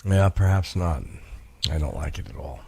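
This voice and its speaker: A man's voice: rumbling low, lively intonation, moderate pace, gravelly, a little mellow, husky, dry recording. A man co-hosting a radio show, chatting casually with blunt, dry complaints.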